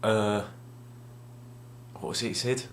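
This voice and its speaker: A young man with a fairly low voice tells a long, rambling story about a bargain. He talks casually, restarts his sentences and pokes fun at himself. A faint hum sits under the recording. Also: steady tone, takes it slowly. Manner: rambling, self-deprecating, restarts often. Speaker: gaming vlogger. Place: home room, at a table.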